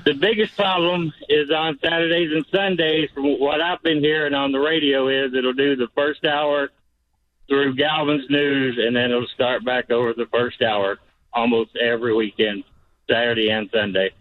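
A man's voice: mid-range voice, steady tone, moderate pace, narrow, tinny audio. A man calling in to a radio show as a truck driver, easygoing and agreeable. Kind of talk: phone call-in.

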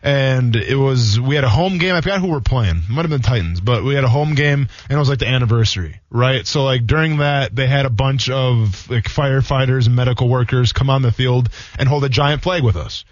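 A man in his thirties talks fast and rambles through a story on a sports radio show, with lots of filler words. His voice sounds dry and close, and the broadcast audio is dull and lo-fi. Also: mid-range voice, no room sound. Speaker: sports radio co-host, former NFL player. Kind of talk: casual radio chat, storytelling.

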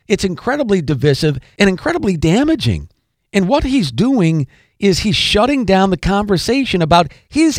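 A man's voice: sits high, no echo, studio quality. A man hosting a podcast, delivering an emphatic political commentary monologue, repeating key phrases and addressing listeners directly. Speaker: podcast host.

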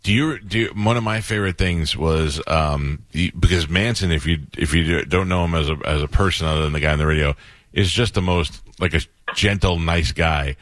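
A man with a New York accent hosting a radio show, telling stories in an animated way with quick laughs. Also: low voice, dry recording. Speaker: radio host. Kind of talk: casual radio chat.

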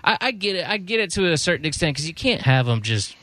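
A man co-hosting casual sports talk, measured and reasoning, often restarting his sentences. His voice is dry and close, with no room around it. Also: fairly high pitch, very animated, sharp tone, dry recording. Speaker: co-host.

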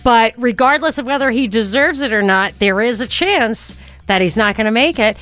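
A woman hosting a talk radio show, chatty and quick, on a studio microphone. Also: on the high side, expressive, a bit bright.

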